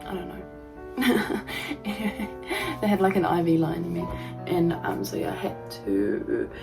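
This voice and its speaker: A young woman vlogging to camera, telling a personal story in a halting way full of ums and likes. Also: lowish voice, big pitch swings, vocal fry, music in the background, poor audio.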